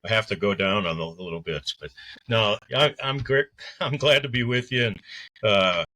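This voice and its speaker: Older male guest, very low pitch, bright forward tone, laid-back storyteller. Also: normal speed. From Belleville, Illinois area. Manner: relaxed storyteller with fillers. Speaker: guest, arena PA announcer. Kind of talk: casual interview chat.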